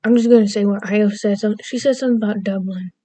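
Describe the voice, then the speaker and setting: A woman's voice: medium pitch, fairly even intonation, quick pace, dark tone, no echo. A young adult woman vlogging in rambling, goofy casual chat, self-deprecating and meandering between topics.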